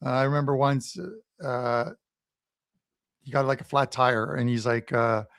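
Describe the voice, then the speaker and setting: A man's voice: medium pitch, little pitch movement, measured pace, a bit bright, clear, resonant tone, no echo, studio quality. A man from Canada co-hosting a live sports show, telling joking stories in a casual way with lots of fillers. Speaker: betting show co-host.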